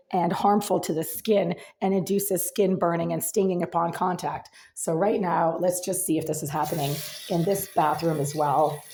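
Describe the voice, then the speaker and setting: This is a woman documenting herself at home, delivering an intense, insistent monologue of long run-on sentences while carrying her phone through the kitchen, hallway, and bathroom of a small apartment. The mic distance varies as she moves. Her voice is husky and smoky, fairly low-pitched, with a darkish tone.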